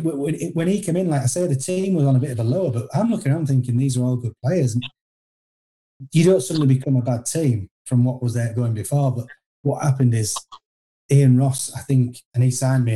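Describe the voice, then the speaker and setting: A man's voice: medium pitch, dark tone. A middle-aged man, a former footballer telling stories in a casual interview, rambling and self-deprecating with many restarts.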